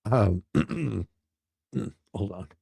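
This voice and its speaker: A man's voice: fairly low pitch, animated, drawn-out words, vocal fry, warm tone, husky, no room sound, studio quality. Mocking man hosting a commentary show. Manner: mocking, laughs often. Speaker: host. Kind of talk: casual news commentary.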